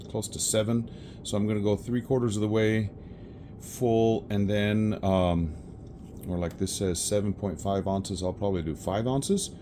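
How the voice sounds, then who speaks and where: A man's voice: low-pitched, noisy background. A man casually talking through a resin pour as he works, rambling and correcting himself and chuckling at his own slips. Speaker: resin crafter. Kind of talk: casual crafting narration. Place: home craft workspace with camera on a tripod.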